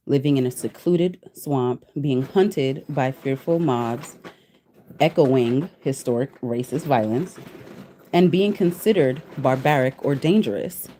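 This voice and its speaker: A woman in her thirties hosting a casual livestream chat, reading search results aloud to viewers, laughing often and sounding out hard words slowly. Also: a bass voice, mellow. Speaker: livestream host.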